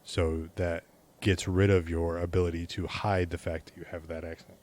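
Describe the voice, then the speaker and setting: A man from the American Midwest explains his views plainly in a casual podcast chat. His voice is very deep and low. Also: little pitch movement, normal speed, darkish tone. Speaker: podcast co-host.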